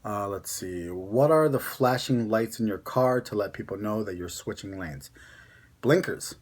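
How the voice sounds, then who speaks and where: A man's voice: lowish voice, unhurried. A young man with a Connecticut accent chatting casually to camera as a vlogger, rambling with lots of fillers. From Connecticut, USA.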